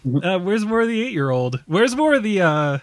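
A man's voice: sits high, big pitch swings, moderate pace, no echo. A young man co-hosting a film podcast in casual chat, enthusiastic and laughing often.

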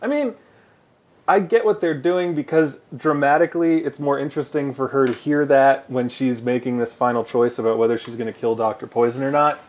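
A man co-hosting a casual movie podcast, speaking in a relaxed, wry way and laughing easily. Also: mid-range voice, brisk. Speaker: podcast co-host.

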